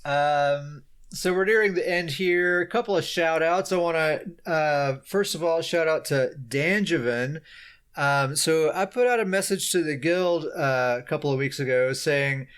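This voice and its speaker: A man's voice: fairly high pitch, a little slow, a bit bright, smooth. Chuckling man telling a gaming story. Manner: self-deprecating storyteller, chuckling often. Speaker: podcast co-host. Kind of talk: casual gaming podcast chat.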